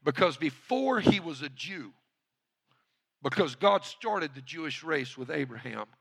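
A male pastor preaches with a high, gravelly voice. His delivery is bright and forceful, and he keeps calling on the congregation to answer back. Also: very animated, a little slow. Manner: calls on the congregation to respond. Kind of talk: sermon.

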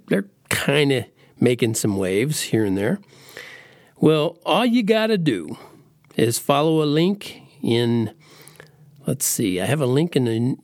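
A playful male podcast host chatting casually straight to his listeners. His pitch swings freely. The sound is dry and close. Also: darkish tone, no echo. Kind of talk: casual monologue.

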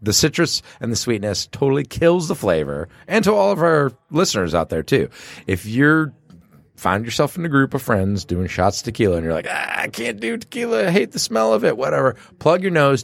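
A man co-hosting a casual chat, joking and telling stories in an animated way. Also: mid-range voice, moderate pace, vocal fry, no room sound.

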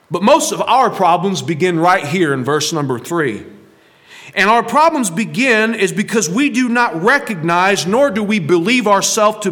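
Speaking to his congregation, a male pastor delivers his sermon conversationally, using rhetorical questions and an occasional chuckle. His voice is high and a touch bright.

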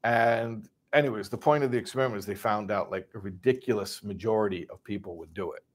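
Guy from chicago telling a story, lowish voice, lots of restarts and acted-out bits. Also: quick pace. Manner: animated, acts out voices, many restarts and asides. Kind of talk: casual spoken retelling.

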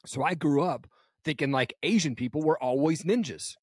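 A man's voice: on the high side, normal speed, slightly rough, dry recording, clean studio sound. A man in his thirties hosting a podcast over a video call, chatting casually, laughing often and calling his guest "dude". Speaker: podcast host. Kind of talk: casual chat.

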